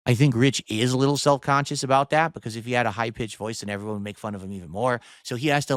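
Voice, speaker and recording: Streaming from his home studio into a boom-arm studio mic, a man rants at a rival, mocking and cursing him with scorn while talking straight to his viewers and chat. His voice is medium-pitched and he talks fast, and the recording is dry.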